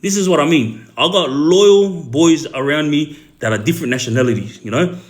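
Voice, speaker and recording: A man with an Australian accent, a former prisoner telling his story casually on a livestream, halting often with fillers and repeated words. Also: on the high side, animated.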